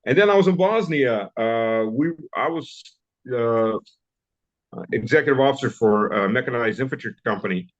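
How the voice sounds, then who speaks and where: A man in his fifties with a Southern US accent speaks as an interview guest, telling stories bluntly with a wry edge. He hesitates often and restarts his sentences, at a middling pitch. The audio sounds dull and lo-fi. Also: animated. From southern United States. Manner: blunt, wry, halting with many fillers and restarts. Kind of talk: casual interview storytelling.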